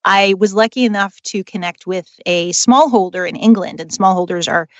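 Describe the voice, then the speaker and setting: A woman's voice: mid-range voice, normal speed, dry recording. Enthusiastic chatty woman author. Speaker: author and dog trainer. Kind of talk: interview guest.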